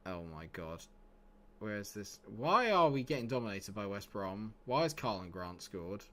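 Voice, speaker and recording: Low-ish, fairly bright and full of big pitch swings, this young man's voice moves at a measured pace. He provides casual livestream commentary on a football management game, joking with viewers and erupting in frustration now and then.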